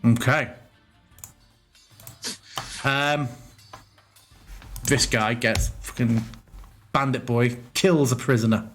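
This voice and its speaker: A man's voice: medium pitch, steady tone, takes it slowly, pauses often, fairly bright tone, soft background music. A man running an online tabletop game as game master, talking casually and swearing freely.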